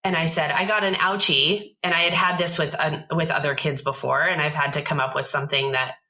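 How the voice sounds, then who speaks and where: A woman in her thirties, a podcast guest telling a story in a casual, animated way and acting out the voices of the people in it. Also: low-pitched, fast, rough recording.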